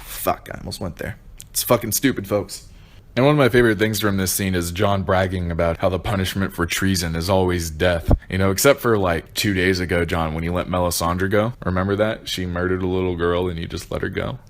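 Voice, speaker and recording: Deep-voiced profane young man ranting. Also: fairly even intonation, fairly quick, a little hiss or hum. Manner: profane, sarcastic, bursts of exasperation. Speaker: video reviewer. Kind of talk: ranting review.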